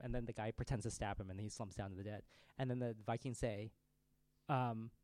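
A man in his thirties preaching a sermon, telling a family story in a conversational, animated way. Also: medium pitch, no echo.

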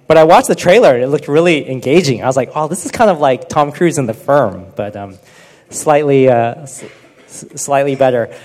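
A man's voice: a little high, a little mellow. Earnest man teaching in a reverberant space. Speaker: Bible teacher. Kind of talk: informal teaching talk. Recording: long reverb.

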